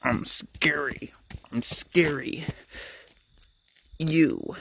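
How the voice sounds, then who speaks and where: A man's voice: medium pitch, lively intonation, moderate pace. A man voicing a cocky, panicky young woman on the run, talking frantically and slipping into whispers. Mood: scared. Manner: frantic, breathy, slips into whispers.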